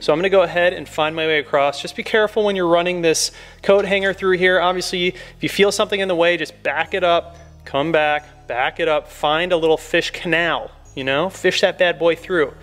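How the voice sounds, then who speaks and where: Brief: relaxed male car YouTuber, slightly high voice, walking through a repair step by step, soft music underneath. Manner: laid-back, chatty, enthusiastic. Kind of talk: casual how-to car tutorial. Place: inside a car while working on trim.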